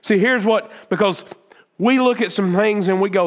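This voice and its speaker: Male pastor, high-pitched voice, emphatic sermon delivery with lots of repetition. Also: moderate pace. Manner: earnest, emphatic preaching with repeated phrases and restarts.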